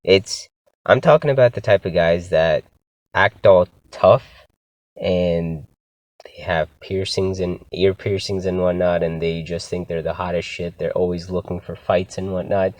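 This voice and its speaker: A man's voice: low voice, fairly even intonation, a little slow, darkish tone, no echo. A young man hosting his own podcast and ranting casually and with exasperation about his pet peeves. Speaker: podcast host. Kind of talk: casual solo rant.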